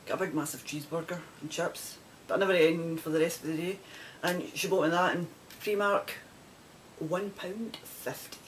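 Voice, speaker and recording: A woman's voice: lowish voice, steady tone, brisk, a little hiss or hum, low-quality recording. Chatty Scottish woman rambling to camera. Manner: chatty, rambling, laughs often. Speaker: knitting podcaster. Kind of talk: casual chat to camera.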